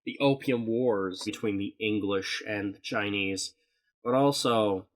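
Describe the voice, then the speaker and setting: A man's voice: fairly low pitch, a little slow. A man co-hosting a casual podcast chat, rambling through explanations and swearing now and then. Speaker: podcast co-host.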